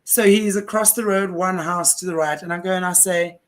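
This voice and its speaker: A woman hosting a live-stream conversation, telling a story in an earnest, animated way. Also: lowish voice, brisk. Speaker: host.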